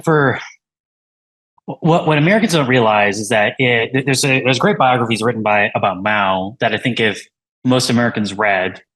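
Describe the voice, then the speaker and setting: A man's voice: mid-range voice, pushed and bright, poor audio. A man, a tech founder and interview guest, talking casually in a rambling way with many fillers and restarts.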